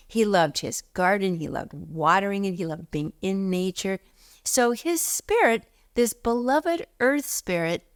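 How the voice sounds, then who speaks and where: A woman giving a spiritual teaching talk, expressive, swinging between emphatic highs and soft near-whispers.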